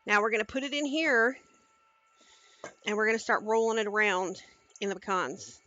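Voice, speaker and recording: A woman's voice: mid-range voice, moderate pace, bright, forceful tone, highs cut off. A woman cooking on a live stream, chatting casually and talking viewers through each step into a headset mic in her home kitchen.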